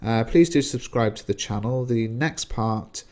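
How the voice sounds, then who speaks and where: A man's voice: medium pitch, a little slow, darkish tone. A man teaching a lesson, explaining a text in a chatty way with frequent fillers.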